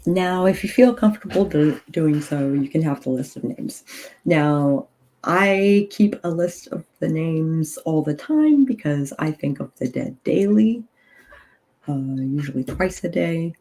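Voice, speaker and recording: A groggy woman leading a ritual on a casual livestream, reading prayers aloud in an unhurried way with loose asides. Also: sits low, lively intonation, warm tone, poor audio. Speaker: ritual leader and tarot reader.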